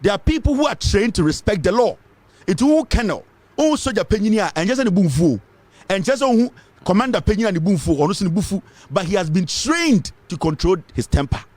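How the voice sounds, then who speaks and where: Ghanaian guy ranting politics, high voice swinging all over, dry close sound. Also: sing-song, fairly quick, a little mellow, no room sound. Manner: fiery, emphatic, repeats points, mixes English with Twi. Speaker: political commentator. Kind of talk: impassioned political commentary.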